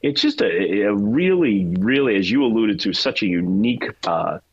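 A man with a Boston accent talks sports as a radio guest, telling stories in an emphatic, chatty way. His voice is low and husky. The sound is dry and dull, like a lo-fi remote line. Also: lively intonation, normal speed, no echo. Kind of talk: casual radio chat.

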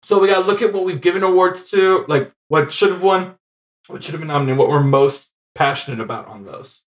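A man with a fairly high voice co-hosts a casual movie podcast. He talks in an animated, chatty way and often breaks into laughter. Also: a little fast. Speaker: podcast co-host. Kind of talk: casual film podcast chat.

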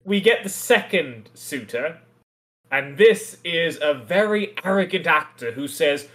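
A man's voice: fairly high pitch, expressive, unhurried, fairly bright tone. A man co-hosting a podcast, casually and wryly analyzing a comic adaptation. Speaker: podcast co-host.

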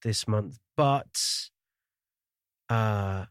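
A man's voice: lowish voice, very slow, clear, resonant tone, no room sound, clean studio sound. A man from the Shetland Islands with a mostly neutral British accent, hosting a podcast in casual, self-deprecating chat and laughing often. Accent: neutral British with faint traces. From Shetland Islands, Scotland. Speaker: podcast host.

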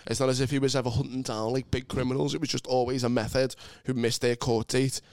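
A man's voice: medium pitch, little pitch movement, fast, darkish tone, clear, resonant tone, dry recording. A young man co-hosting a podcast, chatting casually, laughing often and swearing as he jokes with friends. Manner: laughs a lot, swears, puts on silly quoted voices. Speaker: podcast co-host. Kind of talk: casual banter.

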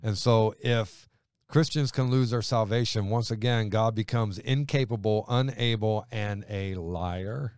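A man, a pastor, talking through scripture in an earnest conversational way, building to emphatic points and dropping low. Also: unhurried, darkish tone, clear, resonant tone, dry recording, clean studio sound. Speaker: pastor co-host.

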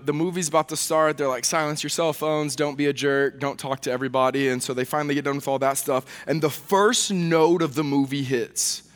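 Casting: joking male pastor, high voice, church hall. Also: fairly bright tone. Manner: casual, joking, self-deprecating storytelling. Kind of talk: sermon. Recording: long reverb of a large hall.

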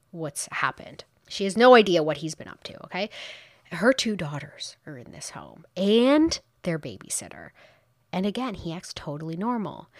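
A woman casually retelling a true crime case, animated and exclaiming, briefly putting on voices for the people involved. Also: fairly low pitch, no room sound, clean studio sound.

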